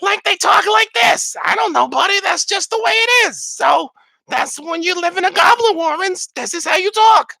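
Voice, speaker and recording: A man putting on a loud, brash goblin voice with an old-time New York accent. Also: very high-pitched, expressive, normal speed, creaky, no room sound, voice pushed up, full character voice. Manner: loud brash street-tough talk.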